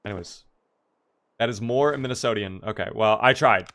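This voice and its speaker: His voice sits on the low side and is a bit bright, moving at a normal speed. He's from Maryland on the US East Coast, streaming a game live while chatting casually and responding to viewers' questions.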